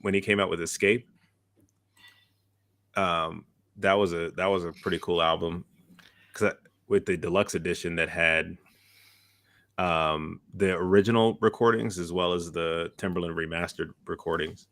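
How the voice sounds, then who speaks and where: A man's voice: low voice, steady tone, moderate pace, pauses often, fairly bright tone, no room sound. A man co-hosting a live talk show, chatting casually, laughing often and restarting his sentences. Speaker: podcast co-host. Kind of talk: casual chat.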